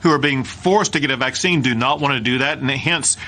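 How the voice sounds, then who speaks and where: A man answering in a television interview, firm and measured with frequent fillers, played as a clip. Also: medium pitch, bright, forceful tone, slight background noise. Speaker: politician.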